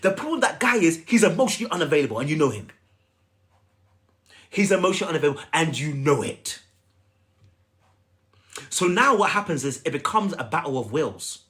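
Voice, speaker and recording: A man's voice: a little high, a little fast, pauses often. A man giving casual dating coaching on a livestream, emphatic and repetitive, often asking the audience if they follow. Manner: animated, repetitive, emphatic and chatty.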